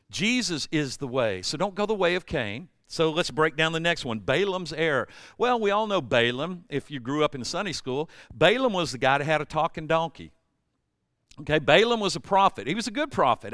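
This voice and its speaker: A male pastor preaches in a conversational, animated way, slipping into the voices of the people he describes. His voice sits high, with a crisp, smooth tone. The sound is close and dry. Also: no room sound. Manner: conversational and animated, acts out quotes. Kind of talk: sermon.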